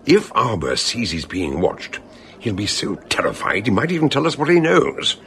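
An actor playing an eccentric, genial doctor-detective in a radio drama, theatrical and musing. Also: male voice, lowish voice, big pitch swings, moderate pace, a bit bright. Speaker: amateur detective.

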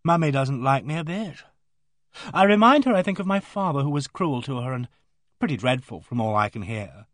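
Sullen teenage girl, blunt, gloomy, voice rising higher, done by a man reading, dry sound. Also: expressive, normal speed, a bit bright, dry recording, lightly acted. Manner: blunt, gloomy, bursts into bitter outbursts.

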